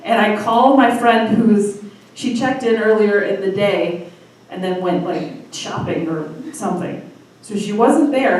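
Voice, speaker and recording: A woman in her thirties from Michigan hosting a live storytelling night, telling a personal story in a chatty, self-deprecating way with quick asides. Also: on the high side, darkish tone, distant mic. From Michigan, USA. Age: 30s. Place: live storytelling venue with audience. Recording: echoey room from afar, faint noise.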